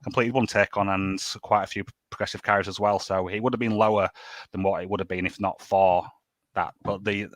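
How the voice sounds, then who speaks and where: A man's voice: low-pitched, fairly even intonation, a little fast, no echo. A man giving a methodical, stat-heavy football analysis, with lots of ums. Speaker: panelist.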